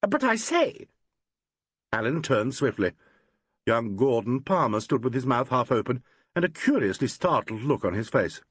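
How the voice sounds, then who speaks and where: Expressive male narrator, husky and animated. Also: mid-range voice, normal speed, no room sound. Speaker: audiobook narrator. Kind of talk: scripted narration.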